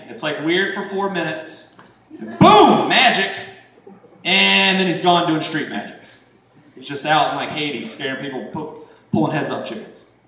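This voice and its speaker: A middle-aged man performing a crude stand-up comedy set, jumping into shouted high-pitched impressions. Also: recorded from a distance. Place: comedy club stage. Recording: very echoey room from afar, faint noise.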